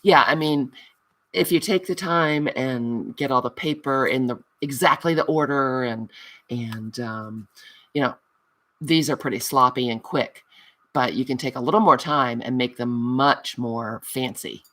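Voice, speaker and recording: A woman hosting a craft livestream, chatting casually, reading out viewer comments and answering them with affectionate, giggly warmth. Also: very deep voice, unhurried. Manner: affectionate, calls viewers honey; giggly and self-mocking. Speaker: crafting channel host.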